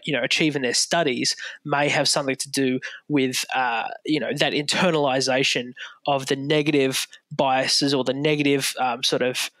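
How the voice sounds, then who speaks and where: A man's voice: mid-range voice, a bit bright, dry recording. An Australian man co-hosting a podcast, hedging and repeating words as he thinks aloud in casual discussion. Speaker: podcast co-host.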